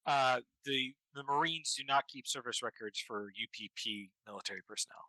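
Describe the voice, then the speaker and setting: A man running a tabletop game as game master, narrating in a halting way with many ums and restarts. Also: medium pitch, bright, forceful tone, dry recording, low-quality recording.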